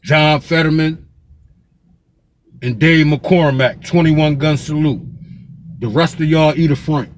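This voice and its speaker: Local man from Pennsylvania, heated and profane, raised voice, rapid-fire repetition. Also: on the high side, steady tone, a little hiss or hum. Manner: fiery, profane, repeats "God damn it". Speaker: local commentator. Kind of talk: street vlog rant.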